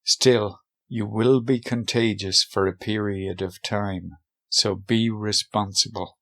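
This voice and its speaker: A man hosting a workshop video, giving scripted narration with dry, deadpan humor. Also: on the low side, takes it slowly.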